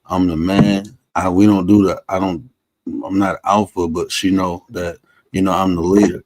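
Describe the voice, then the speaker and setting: Deep-voiced man talking bluntly. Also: little pitch movement, normal speed, darkish tone, no echo, rough recording. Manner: emphatic, blunt, slangy. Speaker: podcast co-host. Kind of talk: casual podcast chat.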